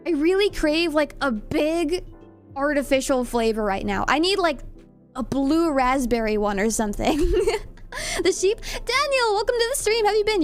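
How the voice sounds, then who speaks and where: Young female streamer, high bright voice, casual and giggly chat with viewers. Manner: giggly, chatty, reads chat aloud.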